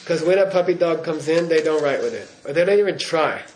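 A man's voice: fairly high pitch, lively intonation, a little fast, a little mellow, a little hiss or hum. A man giving a Buddhist teaching in class, in a playful way, often checking in with his listeners. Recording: roomy hall echo.

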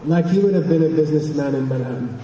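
A man's voice: a little high, a little hiss or hum. Man teaching in an echoey hall. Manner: relaxed, halting, many fillers. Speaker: meditation teacher. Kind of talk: guided meditation and dharma talk. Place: large echoey hall with a group. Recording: distant voice in a reverberant hall.

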